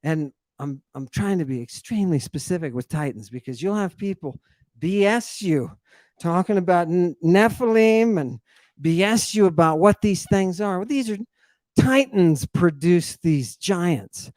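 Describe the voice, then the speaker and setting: A man's voice: high-pitched, lively intonation, unhurried, a little mellow, no echo. A man who teaches classics, hosting a lecture on Greek word roots in an emphatic, sardonic way, full of rhetorical questions. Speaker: classics teacher and podcast host.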